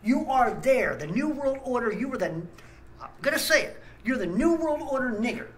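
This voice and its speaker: A man's voice: very high-pitched, lively intonation, moderate pace, a bit bright, rough recording. A man, host of a small ministry channel, ranting angrily with blunt talk and stammered restarts. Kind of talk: angry ranting monologue.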